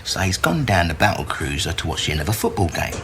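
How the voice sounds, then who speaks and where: A laid-back film narrator, his voice very low and easy. Faint noise sits under the narration of this movie clip. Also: very animated, fast talker, a bit bright, full character voice.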